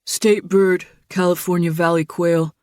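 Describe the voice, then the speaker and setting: A woman narrator voicing a literal-minded young man who repeats himself and recites facts in a flat, patient way. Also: fairly low pitch, measured pace, dry recording, clean studio sound, natural voice.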